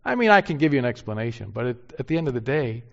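A man preaching a sermon in an earnest way, rising to emphatic peaks and then dropping soft. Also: mid-range voice, big pitch swings, racing, vocal fry. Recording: dull lo-fi sound.

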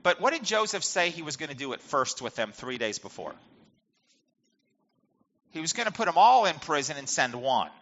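A man's voice: a little high, sing-song, normal speed, long pauses, fairly bright tone. A man teaching verse by verse from the Bible, reading passages and explaining them conversationally with rhetorical questions. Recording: dull lo-fi with long hall reverb.

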